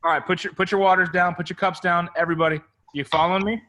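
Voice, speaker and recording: Male sales coach, high voice, lively and pushy with the room. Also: fast talker, slight background noise. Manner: animated, coaxing, calls out to the room. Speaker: sales trainer. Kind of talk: energetic group coaching session.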